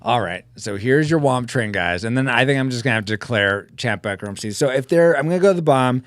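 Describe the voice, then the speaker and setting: A man's voice: mid-range voice, animated, fast, no echo. A man live-streaming while drawing pixel art, chatting casually and joking about himself to his viewers. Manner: chatty, self-mocking, talks to chat.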